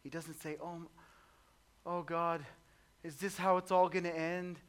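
High-pitched guy preaching, goes from quiet asides to loud bursts, jokey and chatty. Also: flat delivery, unhurried. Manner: dynamic, swinging between soft low asides and loud high exclamations; conversational and humorous, acts out voices of the disciples. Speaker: pastor. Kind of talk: sermon.

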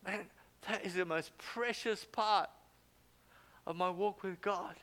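An older man preaching a sermon, emphatic, with loud exclamations and low quiet asides. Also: takes it slowly.

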